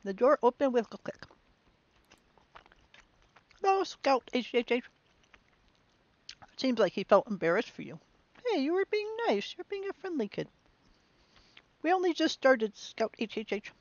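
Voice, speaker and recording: A woman streamer musing aloud through a game in a chatty, animated way. Her voice sits fairly high. The recording is dry and slightly dull. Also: normal speed, no echo. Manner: chatty, musing, with bursts of excitement. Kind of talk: let's play commentary.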